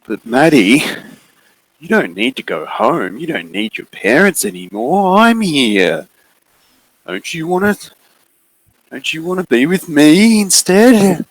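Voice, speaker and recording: A man voicing a clingy, menacing unseen male creature with a booming voice in a tabletop game, pleading and possessive in slow, drawn-out lines. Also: big pitch swings, full character voice, rough recording.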